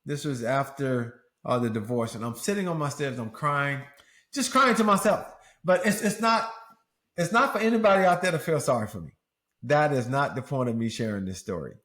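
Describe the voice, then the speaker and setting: A man's voice: medium pitch, lively intonation, normal speed, fairly bright tone. Earnest middle-aged man, roomy echo. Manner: earnest, emotional, preacherly swells. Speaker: podcast host and former pro athlete. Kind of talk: candid interview talk.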